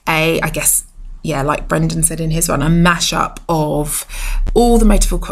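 Woman, solo podcast host, chatty and reflective, lowish voice with a gravelly edge. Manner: chatty, reflective, many fillers and restarts. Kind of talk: casual solo podcast monologue.

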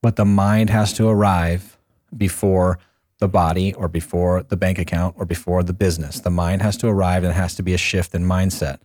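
A man co-hosting a podcast in casual chat, emphatic and repeating phrases for effect, his voice a little hoarse. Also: sits low, flat delivery, normal speed, a little mellow, no echo, studio quality. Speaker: podcast co-host.

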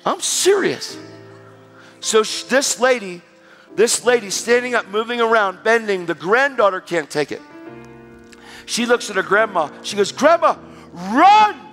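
A high-pitched male preacher delivers an animated sermon, swinging from loud exhortation to near-whispered storytelling. His voice rings out with a long reverb through a church hall, with faint music underneath. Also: moderate pace.

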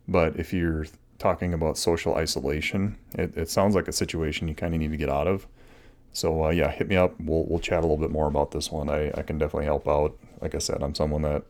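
A man's voice: very deep voice, a little mellow. A middle-aged man hosting a solo advice podcast, talking earnestly and casually with many restarts and fillers. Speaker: podcast host.

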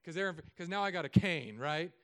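Smooth-voiced storytelling male pastor. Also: on the high side, brisk. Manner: animated storytelling with self-mocking humor; drops to soft, quiet tones. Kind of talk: sermon.

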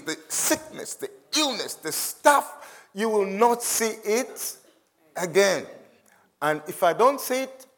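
A man's voice: high-pitched, a bit bright. Conversational man preaching in a church. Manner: conversational, self-deprecating, reads scripture aloud. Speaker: visiting preacher. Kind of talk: sermon.

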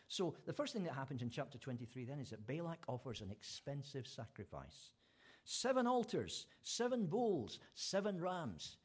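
A man's voice: fairly high pitch, sing-song, moderate pace, slightly rough. A man preaching an informal sermon, retelling a story in a chatty way with fillers and restarts.

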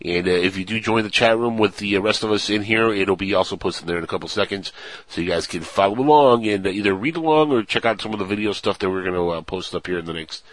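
A man's voice: fairly low pitch, fast, a bit bright, no echo, poor audio. A man co-hosting a casual online radio show, reading stories and joking with his partner, often slipping into mock accents.

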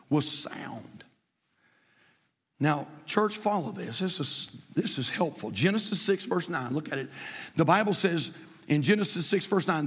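High-voiced, impassioned preaching man. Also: slightly rough, big-room sound. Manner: impassioned preaching, often shouting, with repetition. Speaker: pastor. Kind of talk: sermon. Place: church sanctuary.

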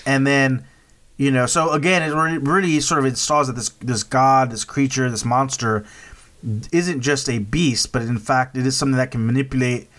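A man's voice: mid-range voice, fairly even intonation, moderate pace, a bit bright. A man hosting a podcast, casually recapping a horror film with many restarts and "right?" checks. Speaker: podcast host. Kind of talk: casual movie review chat.

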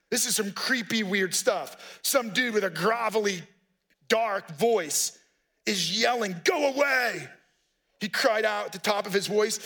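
A man's voice: sits high, a bit bright. A man, a pastor, preaching a conversational sermon with folksy asides and direct appeals to the congregation.

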